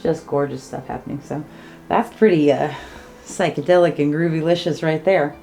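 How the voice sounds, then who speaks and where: A woman's voice: low-pitched, moderate pace, gravelly, mellow, slight background noise. A woman hosting her art channel, chatting casually and gushing with laughs through a paint-pouring demo. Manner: bubbly, gushing, laughs often. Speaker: acrylic pour artist hosting her channel. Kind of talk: casual craft demo chat.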